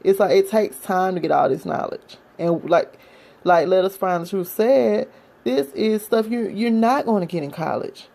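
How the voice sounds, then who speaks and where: A woman's voice: mid-range voice, normal speed, gravelly, mellow, rough recording. A woman vlogger who is out of breath, reading a history passage aloud and then speaking earnestly and directly to her viewers.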